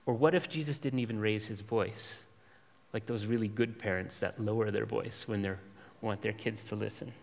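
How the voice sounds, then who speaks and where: A man preaching an expository sermon as pastor, measured and emphatic, with dramatic pauses and long lists. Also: on the low side, creaky, in a large hall.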